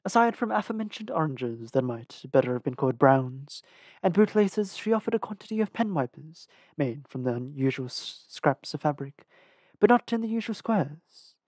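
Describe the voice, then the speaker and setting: An audiobook reader narrating a novel in a measured, careful way, with the occasional small restart. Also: medium pitch, lively intonation, a little mellow, dry recording, studio quality. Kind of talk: storybook narration.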